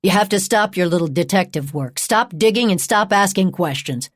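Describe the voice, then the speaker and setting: A woman's voice: mid-range voice, animated, moderate pace, dry recording, clean studio sound, natural voice. A woman narrating an audiobook, voicing an angry husband who gives a curt warning. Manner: curt, threatening. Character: angry, warning husband, middle-aged man.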